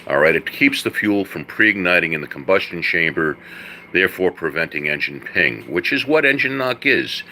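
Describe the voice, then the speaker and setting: Low, bright-toned man hosting a car Q&A. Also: animated, moderate pace, slight background noise. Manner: folksy, fills with "all right" and "uh"; addresses viewers as folks and buddy. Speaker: host answering viewers' car questions. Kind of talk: live-stream Q&A.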